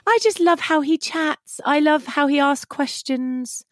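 A woman's voice: sits high, unhurried, no echo. Chatty woman, dry close sound. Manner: chatty, enthusiastic, gushing. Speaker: podcast guest. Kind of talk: casual chat.

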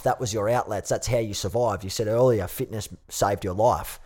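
A man's voice: lowish voice, moderate pace, hardly any pauses, darkish tone, breathy edge. A man hosting an interview, encouraging and supportive, who often repeats words as he speaks. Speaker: podcast host. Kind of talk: interview talk.

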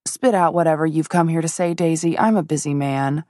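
A woman narrator voicing a reclusive, grieving man who speaks in a raspy, gruff, clipped way. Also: low-pitched, brisk, darkish tone, no echo, studio quality, lightly acted. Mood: impatient. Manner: growling, clipped and dismissive.

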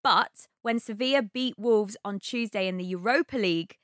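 A woman's voice: mid-range voice, moderate pace, a bit bright, no room sound, clean studio sound. A woman hosting a casual football podcast, steering the chat between topics. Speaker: podcast host.

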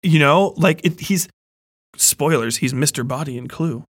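Young male host, somewhat high-pitched, casual and profane, rambles between laughs, recorded dry. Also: unhurried, dry recording. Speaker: podcast host. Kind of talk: casual review chat.

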